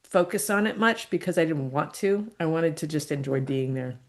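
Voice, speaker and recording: A middle-aged woman appears as a podcast guest, sharing a personal story candidly and reflectively, with soft laughter between thoughts. Her voice is low-pitched with lively intonation, and she speaks at a normal speed.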